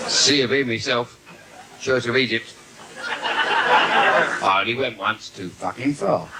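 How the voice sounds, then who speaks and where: Brash London stand-up comic. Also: male voice, fairly low pitch. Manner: brash, cheeky patter with audience asides. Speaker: stand-up comedian. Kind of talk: live bawdy stand-up routine. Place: theatre stage before a live audience. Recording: noisy live theatre recording.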